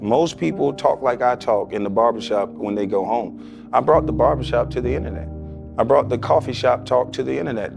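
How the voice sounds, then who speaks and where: A man's voice: mid-range voice, gravelly. A man, a former pro basketball player, answering as a guest in a podcast interview in a blunt, emphatic, argumentative way.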